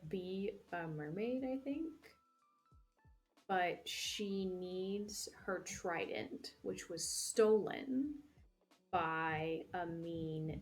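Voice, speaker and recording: A young woman hosting a livestream, chatting casually while she works, rambling with lots of fillers and frequent swearing. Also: medium pitch. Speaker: livestream host. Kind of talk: casual chat while crafting.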